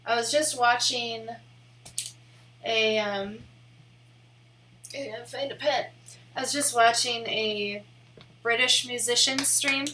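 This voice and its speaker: Bright, giggly young woman rambling. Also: fairly high pitch, steady tone, takes it slowly, pauses often, slight background noise. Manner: rambling and giggly, heavy use of "like". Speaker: live streamer and photographer. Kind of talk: casual chat on a live stream.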